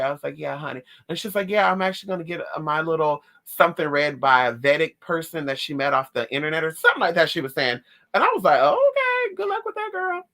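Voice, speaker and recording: A woman's voice: deep voice, sharp tone. A woman telling a personal story in a sassy, dramatic way, calling her listeners honey and girl. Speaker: spiritualist vlogger. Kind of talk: casual storytelling to camera.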